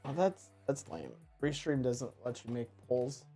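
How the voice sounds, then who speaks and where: A male co-host chats casually on a stream in a mid-pitched voice. He teases in a dry way, and faint music runs in the background. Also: a little slow, dark tone. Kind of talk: casual livestream chat.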